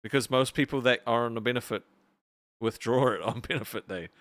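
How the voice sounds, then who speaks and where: A man with a New Zealand accent, a guest on a livestream, talking in hesitant, halting bursts and laughing often. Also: medium pitch, fairly bright tone, no echo, studio quality. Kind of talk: casual livestream chat.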